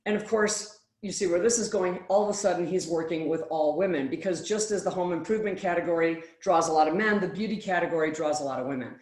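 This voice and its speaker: A woman giving a keynote-style presentation, telling a story lively and acting out the dialogue she quotes. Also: lowish voice, fast talker, few pauses. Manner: animated storyteller who acts out quoted dialogue. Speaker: speaker. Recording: roomy echo.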